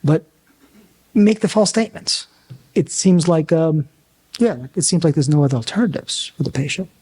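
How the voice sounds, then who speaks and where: A man, a physician and coach, giving a talk at a summit, telling stories and acting out the people in them with big pitch swings. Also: lively intonation, moderate pace, darkish tone, breathy edge. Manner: storytelling, acts out dialogue with big pitch swings. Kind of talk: conference talk with anecdotes.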